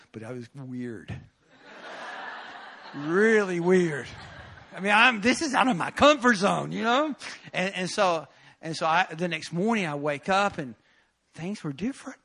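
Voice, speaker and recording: A man's voice: a little high, a bit bright. A man preaching at a prayer meeting, telling a personal testimony with bursts of emotion and laughter. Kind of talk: sermon testimony.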